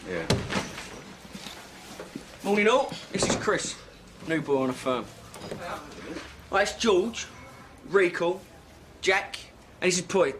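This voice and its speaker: An actor playing a friendly firefighter who runs the mess, talking in a chatty, hurried way. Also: male voice, high voice, expressive, noisy background, full character voice.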